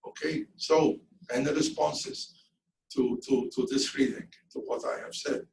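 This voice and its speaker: A man's voice: medium pitch, fairly even intonation, a little slow, vocal fry, darkish tone, roomy sound, far from the mic, poor audio. An older man from Malta giving an academic talk, reading his poem and questioning the audience in a lecturing manner.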